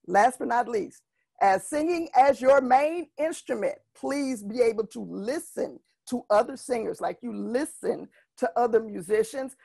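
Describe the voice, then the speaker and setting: A middle-aged woman, a vocal music educator, giving a workshop talk and telling anecdotes in an animated way, acting out the voices of students and parents. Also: fairly high pitch, gravelly, slightly rough, no room sound.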